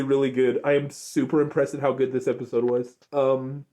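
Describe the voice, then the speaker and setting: A young man giving an unscripted, rambling review of a cartoon episode, gushing and excitable, full of filler words. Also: mid-range voice, normal speed. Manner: rambling, lots of filler likes and restarts. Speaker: show reviewer.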